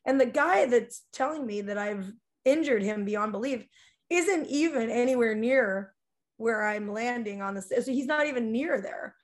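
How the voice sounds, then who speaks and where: A woman from South Dakota, a rock singer, telling stories as a guest in a casual, animated way, with lots of "like" fillers. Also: a little high, normal speed. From South Dakota, USA. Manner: animated, chatty, many "like" fillers. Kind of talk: casual storytelling in conversation.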